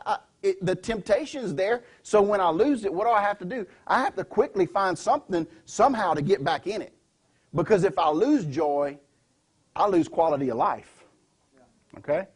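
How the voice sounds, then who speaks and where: Emphatic pastor, husky and high. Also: male voice, a little mellow. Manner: emphatic, asks the congregation questions. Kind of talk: sermon. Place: church sanctuary.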